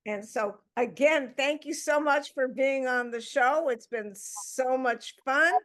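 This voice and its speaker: A woman hosts a talk show with plenty of enthusiasm, laughing along with her guest. Her voice sits high, and she takes her time with her words. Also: slow, a bit bright. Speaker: host. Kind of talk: casual chat.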